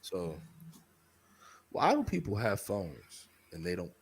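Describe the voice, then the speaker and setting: Heavy background noise surrounds a young man speaking slowly in a low voice as a podcast co-host. He tells a story in casual, foul-mouthed chat, animatedly voicing the people involved.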